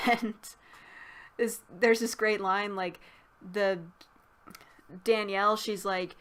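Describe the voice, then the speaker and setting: A woman's voice: medium pitch, steady tone, slow, a bit bright. A woman recapping and reviewing a movie in a casual, rambling way, heavy on "like" and swearing. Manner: rambling, profane, filler-heavy.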